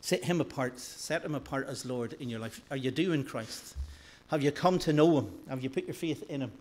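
A man preaching a sermon in a church, rising loud for emphasis and dropping soft and slow. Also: mid-range voice. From northern Ireland.

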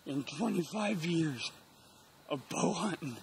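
A middle-aged man, out of breath and emotional, talking in a hushed, halting voice while hunting outdoors in the woods. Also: fairly high pitch, animated, creaky, slight background noise. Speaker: bow hunter. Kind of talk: hushed hunting vlog commentary.

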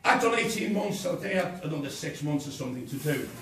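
Speaking fast and expressively in a somewhat high voice, an older man recounts his personal story at a campaign meeting, bluntly and with passion, voicing the exchanges himself. The recording comes from a camera among the audience in an inn function room, distant and echoey with slight hiss or hum.

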